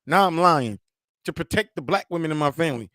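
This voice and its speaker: Animated high-voiced man commentating. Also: fast talker, dry recording, studio quality. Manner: animated, laughing, repeating himself, mimicking voices. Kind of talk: casual commentary.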